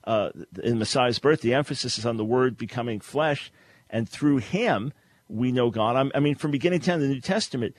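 A man's voice: fairly quick, no room sound. Emphatic male radio host. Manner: emphatic, rising pitch when pressing a point. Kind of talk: call-in debate.

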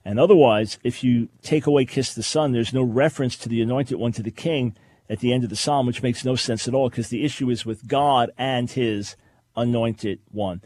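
A man's voice: medium pitch, normal speed, no room sound. Guy hosting a radio talk show, keen and emphatic, very dry close mic, keeps restarting words. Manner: energetic, emphatic, with frequent restarts. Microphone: studio microphone.

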